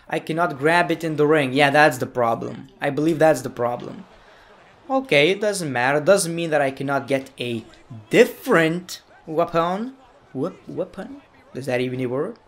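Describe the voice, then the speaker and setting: Young male gaming YouTuber, high voice, playful live commentary with mock-angry yelling. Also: animated, moderate pace. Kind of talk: gameplay commentary.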